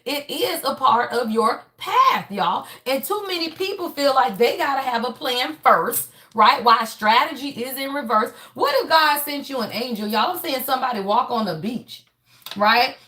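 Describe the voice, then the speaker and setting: A woman with a high, bright-pitched voice gives a loose, emphatic spiritual card reading. She talks straight at her listeners, repeating herself for emphasis, preaching and cursing without a filter. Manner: emphatic, preachy, peppers every phrase with "y'all"; blunt and swears freely. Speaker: tarot reader.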